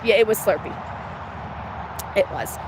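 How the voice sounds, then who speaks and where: Against a noisy background, a woman with a medium-pitched, sing-song voice chats unhurriedly on a casual livestream outdoors at her farm. She's giggly and talks to her animals.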